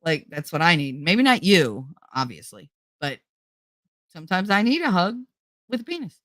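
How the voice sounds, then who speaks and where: A woman with a West Indian accent, hosting a casual podcast and telling stories in an animated, profane way, mocking people in put-on voices. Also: on the low side, normal speed, dry recording, studio quality. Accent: West Indian, thicker when angry. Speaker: podcast host. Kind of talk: casual storytelling rant.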